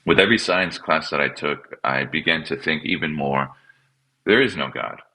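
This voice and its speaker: A man, a pastor and podcast guest, telling his personal story in a halting, reflective way and often repeating words as he restarts. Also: very deep voice, bright, forceful tone, breathy edge, low-quality recording. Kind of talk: personal testimony in conversation.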